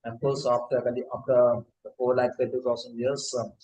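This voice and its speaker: A man giving a scripture lecture, pausing often with fillers and restarts. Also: mid-range voice, flat delivery, a little mellow, a little hiss or hum. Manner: halting, frequent fillers and restarts. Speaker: spiritual teacher. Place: temple hall. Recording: echoey hall.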